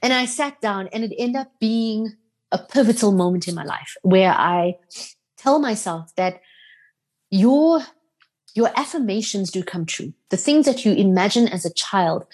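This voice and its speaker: A South African woman from Durban speaks as a podcast guest, her voice at an ordinary middle pitch. She tells personal stories with heartfelt feeling and lively acted-out quotes. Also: measured pace. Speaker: radio presenter, podcast guest. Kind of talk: emotional interview storytelling.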